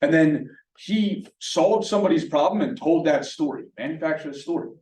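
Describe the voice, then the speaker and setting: A man's voice: fairly high pitch, moderate pace, a little mellow. A man coaches his team with energy and asks them rhetorical questions. He is recorded from across a meeting room. The room gives his voice a roomy echo. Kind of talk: motivational team meeting talk. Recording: roomy, from a distance.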